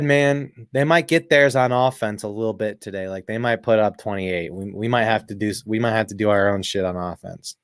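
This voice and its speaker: A man in the middle of his pitch range chats loosely about a football game, cursing and wandering off topic. He clears his throat often and talks off the cuff. His voice is close and dry on a home desk mic, with no room sound. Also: dry recording. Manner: profane, rambling, off-the-cuff. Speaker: live stream sports commentator. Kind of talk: casual live game commentary.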